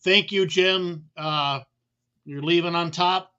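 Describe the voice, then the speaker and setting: Relaxed man as a mortgage guest, bright voice, heard over muffled remote call audio, rambles with fillers. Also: high-pitched, slow pace, clear, resonant tone. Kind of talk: casual remote chat.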